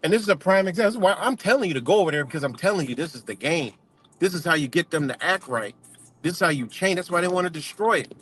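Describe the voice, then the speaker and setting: A man's voice: on the high side, expressive, quick pace, fairly bright tone, a little hiss or hum. A man ranting casually, heated, profane and emphatic. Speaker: vlogger.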